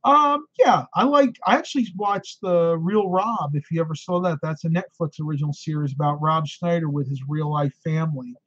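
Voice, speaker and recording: A man's voice: a little high, moderate pace, hardly any pauses, fairly bright tone, slightly rough, no echo, lo-fi sound. Tired man chatting on a live stream. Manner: chatty and rambling, with frequent ums and laughs. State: tired and losing his voice. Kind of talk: casual live stream chat reading viewer questions.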